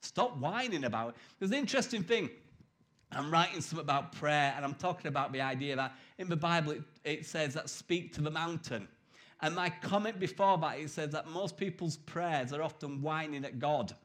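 A man's voice: fairly high pitch, fairly quick, a bit bright. A man preaching a sermon in a conversational, emphatic way, acting out quoted voices.

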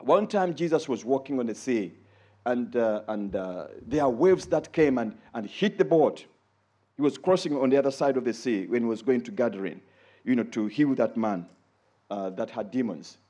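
A man preaching a sermon in an animated way, rising high when he quotes others and dropping low for asides. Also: normal speed.

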